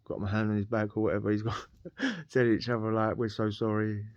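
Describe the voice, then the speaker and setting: A man's voice: on the low side, fairly even intonation, fast, dry recording, muffled recording. A man telling a rambling personal story in casual slang, laughing often. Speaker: podcast guest telling a prison story.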